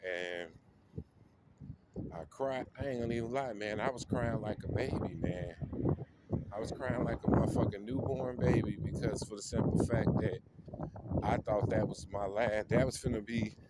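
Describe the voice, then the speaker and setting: A man tells a personal story slowly and emotionally, teary-eyed, repeating phrases and using street slang while he walks outdoors. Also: fairly low pitch. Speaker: vlogger. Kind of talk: walking vlog, personal storytelling. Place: outdoors on a city street, walking. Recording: outdoor street noise, passing cars.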